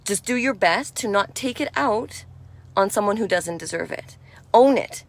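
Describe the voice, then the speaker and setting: Gentle, reassuring woman giving spiritual talk. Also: medium pitch, lively intonation, normal speed. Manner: conversational, with frequent "you know". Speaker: spiritual speaker.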